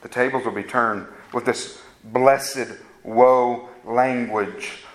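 A man's voice: mid-range voice, fairly even intonation, takes it slowly. A man preaching a fervent sermon that rises to emphatic peaks. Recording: echoey room sound.

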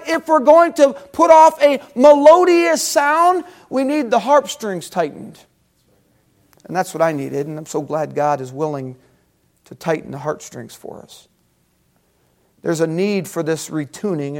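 A man preaching a sermon, animated and talking directly with his congregation. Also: very high voice. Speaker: pastor.

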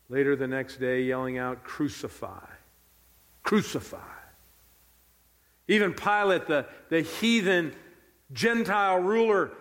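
A man preaches in an earnest, emphatic way, repeating his key lines for weight. His voice sits a little high for a man. A long reverb trails behind each phrase, as in a large hall. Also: a bit bright. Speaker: pastor. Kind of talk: sermon.

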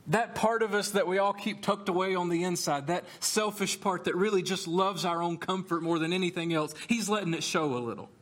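A male pastor delivers a sermon in a conversational, storytelling way, adding lively, humorous asides. His voice sits a little high for a man, and his delivery swings between lively retelling and slower, more emphatic moments.

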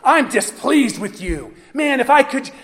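Brief: exasperated, scolding male deity, raised pitch, put on by a male preacher. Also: big pitch swings, a little slow, fairly bright tone, heavily acted. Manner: scolding, exclaiming.

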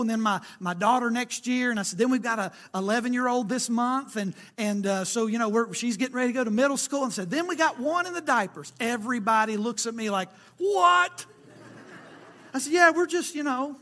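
A man in his forties preaching with a folksy, storytelling delivery. His voice sits very high for a man and rings bright and forceful, rising and falling as he drives each point home. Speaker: pastor. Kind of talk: sermon.

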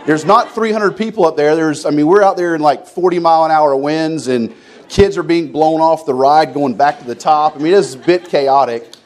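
A middle-aged pastor telling a personal story from the pulpit before reading scripture, acting out the voices in it. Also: male voice, a little high, normal speed. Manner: storytelling with animated quoted voices. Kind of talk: sermon.

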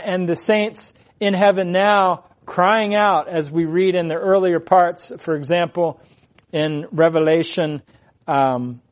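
A high-pitched man delivers an expository sermon earnestly and emphatically, his voice growing louder on the key phrases.

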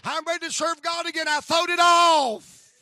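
A man voicing his joyful older father, a country preacher, in a drawn-out, shouting drawl. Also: extremely high pitch, steady tone, no echo, clean studio sound, voice pushed up, exaggerated voice. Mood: exultant.

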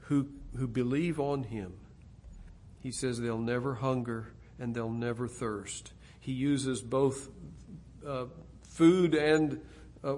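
A middle-aged man preaching an expository sermon, slow and deliberate, rising to loud emphatic stresses. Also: mid-range voice.

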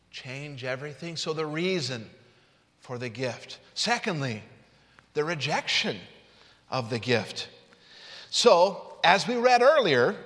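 A man preaching a sermon in a fairly high voice. His voice rings with long reverb in a large room. He reads scripture and acts out the characters with animation. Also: a bit bright.

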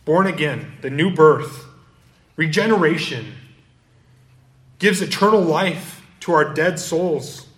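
A man's voice: fairly high pitch, a bit bright. A man preaching an expository sermon, quoting verses and explaining them. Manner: expository preaching, quotes and rereads scripture. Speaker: pastor.

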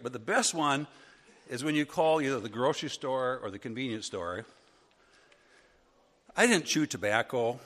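A middle-aged man from northern Wisconsin, telling childhood stories in a folksy, animated way as a Sunday school teacher. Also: medium pitch. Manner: folksy, animated, acts out funny voices. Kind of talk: storytelling lesson. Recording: long hall reverb.

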